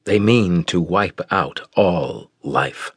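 A man's voice: low voice, lively intonation, takes it slowly, breathy edge, dry recording, exaggerated voice. Man voicing a grave, resolute emperor. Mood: solemn.

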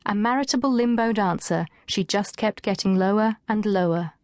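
Woman audiobook narrator, mid-pitched, wry delivery, dry studio read. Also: moderate pace, a little mellow, dry recording.

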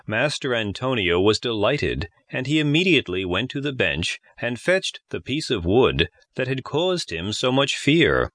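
A man narrating a classic children's storybook in a measured, expressive reading on a close mic. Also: mid-range voice, dry recording. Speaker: audiobook narrator.

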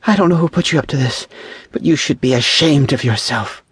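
A man's voice: mid-range voice, brisk, husky, no room sound, voice pushed up. A man voicing a bitter, scornful young woman who hisses her words in a storybook reading. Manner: hissing, indignant.

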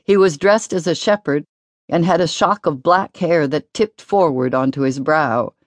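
A woman narrating a novel in a measured, expressive storytelling voice. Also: low voice, no echo. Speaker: audiobook narrator. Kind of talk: scripted narration.

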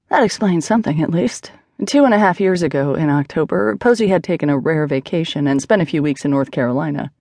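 Lively, wry woman narrating an audiobook. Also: lowish voice, normal speed, dry recording, clean studio sound. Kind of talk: scripted narration.

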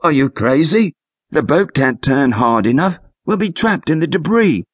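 A man's voice: on the high side, very animated, normal speed, no echo, voice pushed up. A man voicing a nervous young boy who tries to act brave in a children's audiobook. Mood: strained. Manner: shaky, uncertain, slightly raised voice. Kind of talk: audiobook character voice.

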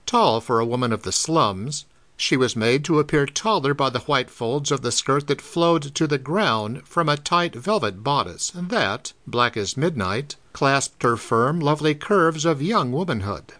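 A man narrating a pulp mystery audiobook in a dramatic, expressive reading. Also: mid-range voice, measured pace. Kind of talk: scripted narration of pulp fiction.

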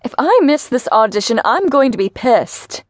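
A woman voicing a loud, fed-up young woman. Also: on the high side, very animated, normal speed, dry recording, studio quality. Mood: annoyed, fed up. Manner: loud and blunt, swears freely. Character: annoyed, brash young woman ready to quit.

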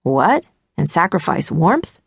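A cocky, easygoing teenage boy teases with a laid-back drawl, as a woman narrator puts him on. His voice sits low with a gravelly edge. The sound is dry and close, as in an audiobook. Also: big pitch swings, slow, dry recording, exaggerated voice. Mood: teasing.

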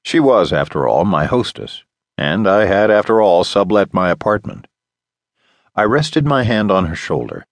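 A man reads a first-person novel in a wry storytelling manner. His voice sits low, and its pitch moves a great deal from phrase to phrase. The studio recording is close and completely dry. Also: sing-song, normal speed, no room sound. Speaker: audiobook narrator. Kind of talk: scripted first-person narration.

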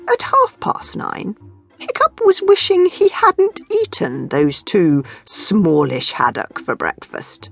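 A woman reading her own children's book aloud, with a playful, expressive delivery and whispered asides. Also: fairly low pitch, slow, breathy edge, soft background music. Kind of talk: expressive storybook narration.

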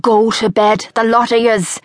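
A man's voice: very high voice, level tone, unhurried, no room sound, studio quality, voice pushed up. A woman doing a blustering Dublin dad. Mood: bossy. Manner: bossy, blustering. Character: charming hard-drinking Dublin father, middle-aged.

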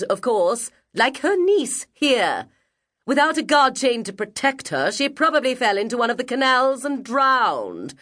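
A woman's voice: fairly bright tone, heavily acted. A woman voicing a prim, sanctimonious woman guardian who scolds a child, reading an audiobook. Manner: shrill, preachy, slow and deliberate.

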